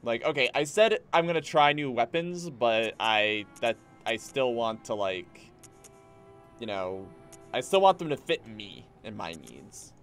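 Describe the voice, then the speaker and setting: Animated man streaming a video game. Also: mid-range voice, a little slow. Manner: chatty, talks to viewers while playing, jumps between hype and mumbling. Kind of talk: live gameplay commentary. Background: game music.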